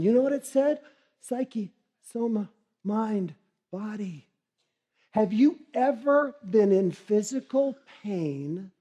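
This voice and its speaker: A middle-aged man giving a humorous motivational keynote, telling stories in a lively way and acting out the characters. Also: high voice. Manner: lively storytelling, acts out characters. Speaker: keynote speaker.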